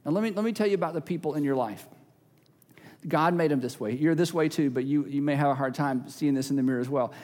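A high-pitched man preaches in a large church hall, and his words ring out with a long reverb. He drives his points home by repeating key phrases. Now and then he slips into small acted-out scenes. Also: quick pace, darkish tone. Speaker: pastor. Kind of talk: sermon.

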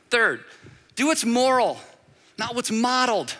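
A pastor preaching an animated sermon, driving points home through repetition and acted-out quotes. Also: male voice, high-pitched, moderate pace. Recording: long reverb of a large hall.

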